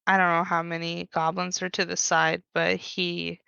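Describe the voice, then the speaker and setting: Bright, clear-voiced woman playing a tabletop game. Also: lowish voice, little pitch movement, normal speed, dry recording. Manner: laid-back, swears casually. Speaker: player. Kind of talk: casual tabletop play. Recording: dull lo-fi dry mic.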